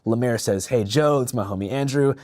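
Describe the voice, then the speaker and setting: A man's voice: medium pitch, brisk, a little mellow, dry recording, clean studio sound. A man casually telling a personal anecdote in a conversational way. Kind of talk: storytelling.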